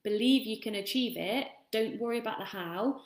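A woman's voice: fairly high pitch, moderate pace. Chatty woman coach, echoey room. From England. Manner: chatty, rambling, swears freely. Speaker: self-love coach. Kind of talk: casual motivational talk.

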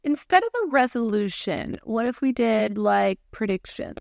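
A young woman co-hosts a casual podcast, joking and teasing her friend. Her voice sits a little high. The sound is dry and close to the mic. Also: normal speed, creaky, a little mellow, no room sound. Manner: teasing, playful. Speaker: podcast co-host. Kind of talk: casual chat.

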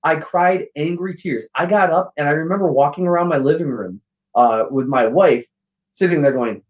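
Animated, swearing man on a dull line. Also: fairly high pitch, normal speed. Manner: animated, profane storytelling with acted-out quotes. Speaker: podcast guest. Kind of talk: casual chat.

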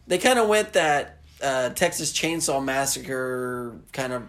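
A man from the American South in casual chat, rambling excitedly and acting out movie lines. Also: mid-range voice, measured pace.

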